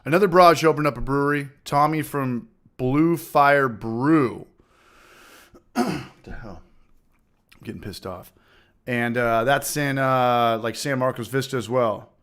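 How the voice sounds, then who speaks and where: A man hosts a relaxed homebrewing livestream for his channel, chatting and reading viewer comments aloud. His medium-pitched voice moves at an unhurried pace, and his manner is loose and profane, with repeated phrases, shout-outs, and the occasional smoker's cough he has to fight off.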